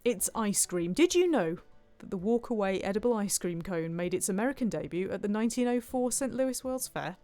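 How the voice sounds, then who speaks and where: A woman's voice: mid-range voice, animated, brisk, hardly any pauses, warm tone, no echo, soft background music. A woman streaming a cooking game, chatting playfully and reading viewer comments aloud. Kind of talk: casual gameplay commentary.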